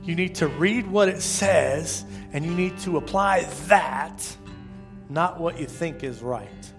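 A man preaching a sermon as pastor, talking to the congregation conversationally, with restarts and sudden loud rises. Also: fairly high pitch, slow pace, soft background music.

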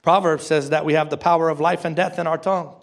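Pastor, male, high voice, casual conversational preaching, repeats phrases, quizzes the congregation. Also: steady tone, quick pace, gravelly. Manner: conversational, asks the congregation direct questions; repeats key phrases for emphasis. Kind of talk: sermon.

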